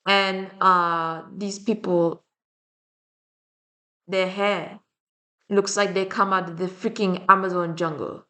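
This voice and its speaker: In a casual vlog, a young adult woman with a French and Slavic accent rants bluntly to the camera, rambling and swearing often. Her voice sits on the low side with fairly even intonation, bright and forceful in tone. She speaks slowly and pauses often.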